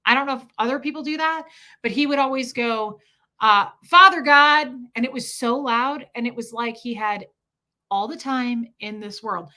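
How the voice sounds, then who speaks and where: A woman hosting a livestream, answering viewer questions in a casual, animated, rambling way. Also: fairly high pitch. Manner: animated rambling storytelling, quick bursts. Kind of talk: casual chat.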